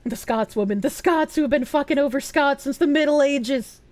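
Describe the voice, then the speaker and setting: A young woman streamer rambles through a casual live chat, swearing freely and thanking donors. Her voice sits fairly high. The sound is dry and close, with no room echo. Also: normal speed, darkish tone. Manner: rambling, profane, reads out donations.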